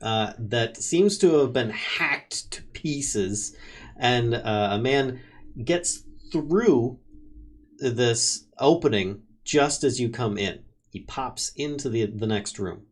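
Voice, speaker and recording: A man's voice: mid-range voice, lively intonation, slow pace. Man narrating as game master. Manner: laughs often, restarts while narrating. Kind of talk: narrating a tabletop game over a stream.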